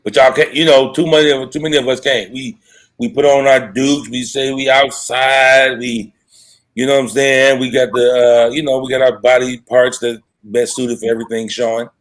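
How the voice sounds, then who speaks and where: A man's voice: mid-range voice, flat delivery. Rambling, frank man hosting a live chat. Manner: loose and rambling, frank, quick asides and self-corrections. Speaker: dating coach hosting a live show. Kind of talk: casual livestream chat, reading viewer comments.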